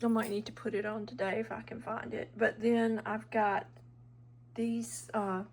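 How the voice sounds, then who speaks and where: A woman's voice: a little high, level tone, a little slow. A middle-aged woman, rambling casually through a home vlog in her living room and often trailing off to start over. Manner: rambling, chatty, trails off and restarts. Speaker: vlogger.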